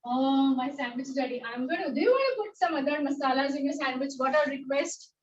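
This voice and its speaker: A woman with an Indian English accent, leading a playful online yoga class for children in an animated, sing-song, encouraging way. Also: sits high, brisk, highs cut off, a little hiss or hum.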